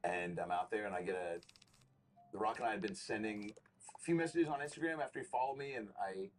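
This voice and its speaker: A man's voice: on the low side, brisk, slight background noise. A man, a comedian and actor, telling rambling, profane stories as an interview guest. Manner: rambling, profane, animated storyteller. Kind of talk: casual interview storytelling.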